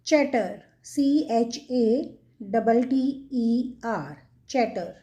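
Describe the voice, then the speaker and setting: A woman's voice: on the high side, very slow, dark tone. A woman with an Indian English accent hosting a children's lesson, naming animal sounds and spelling each word out letter by letter. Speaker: kids' channel host.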